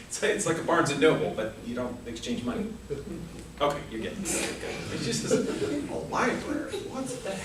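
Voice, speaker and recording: A man's voice: a little high, a bit bright, a little hiss or hum. A man giving a prepared humorous speech at a speaking club, telling a story with comic asides. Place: club meeting room. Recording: echoey room from far off.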